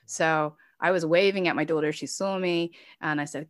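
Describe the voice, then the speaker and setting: A woman's voice: low-pitched, fairly even intonation, moderate pace, few pauses, dry recording. A woman, an immigrant mother living in Norway, telling a personal story as an interview guest, emotional and laughing at times, with many fillers.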